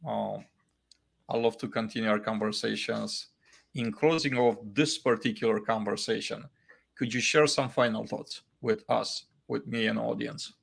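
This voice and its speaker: Male podcast host, low gravelly voice, courteous closing remarks. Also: steady tone, moderate pace. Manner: courteous, wrapping up. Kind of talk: podcast interview.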